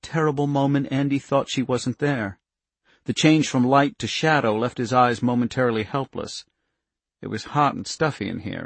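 A man narrating an audiobook in a steady, measured way on a close mic. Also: mid-range voice, gravelly, breathy edge, no echo.

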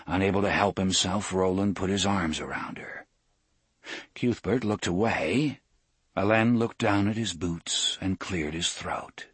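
A man narrating an audiobook in a measured, deliberate way. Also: sits low, breathy edge, no echo.

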